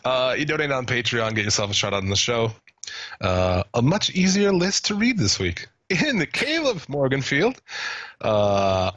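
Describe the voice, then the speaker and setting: A man co-hosting a podcast, chatting casually, swearing and laughing as he reads out listener shout-outs. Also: fairly low pitch, no room sound, highs cut off. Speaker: podcast co-host.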